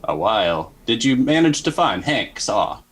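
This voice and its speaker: A man's voice: fairly low pitch, sing-song, unhurried, a bit bright, husky, heavily acted, poor audio. A man playing a stiffly polite robot. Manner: stiff, formal diction. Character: overly polite male robot companion.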